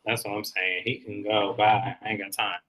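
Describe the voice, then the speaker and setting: A man casually recapping a reality TV episode, animated and profane, acting out the cast's lines. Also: fairly low pitch, normal speed, low-quality recording. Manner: animated, profane, laughs, acts out cast lines. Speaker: podcast co-host.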